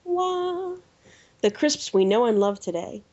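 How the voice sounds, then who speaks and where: A woman from the United States hosting a podcast, telling a story in a casual, animated way with lots of fillers. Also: mid-range voice, normal speed. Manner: animated storyteller, lively filler-heavy delivery. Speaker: podcast host. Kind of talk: casual chat, anecdote telling. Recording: dull lo-fi podcast audio.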